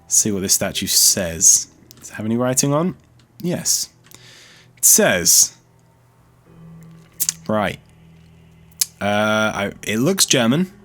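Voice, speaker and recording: A man's voice: fairly low pitch, a bit bright. A man giving casual gameplay commentary as a let's play host, chatty and thinking aloud as he explores, easily startled.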